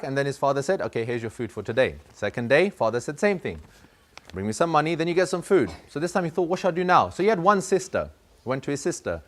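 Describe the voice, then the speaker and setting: Lively man telling a moral story. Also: on the high side. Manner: lively, acts out the boy and father in the story. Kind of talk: storytelling talk to a school class.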